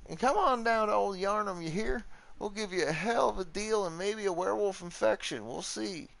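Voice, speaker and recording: A man voicing a pushy, twangy male huckster with a high, loud, drawling voice, hawking grim wares. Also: moderate pace, vocal fry.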